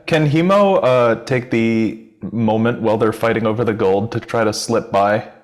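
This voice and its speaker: A man's voice: medium pitch, unhurried. A man playing in a tabletop game, speaking hesitantly with many fillers. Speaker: player.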